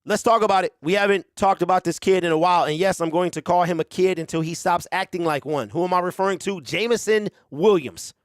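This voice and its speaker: An excitable man hosting a casual sports talk stream with a slightly high voice. He talks in animated bursts and keeps repeating himself. The sound is dry and close, with no room echo. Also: fast, hardly any pauses. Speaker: sports show host.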